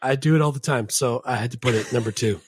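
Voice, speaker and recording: A man's voice: mid-range voice, fast, slightly rough, no room sound, studio quality. A man co-hosting a movie podcast, chatting casually and jokingly. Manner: jokey, drops into quoted voices. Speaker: podcast co-host. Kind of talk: casual chat.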